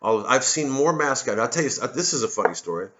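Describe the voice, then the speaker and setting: A man's voice: mid-range voice, big pitch swings, a little fast, muffled recording, noisy background. An American man from Missouri, a comedian delivering a rambling, profane, digressive monologue full of restarts. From Missouri, USA. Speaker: comedian hosting his own show.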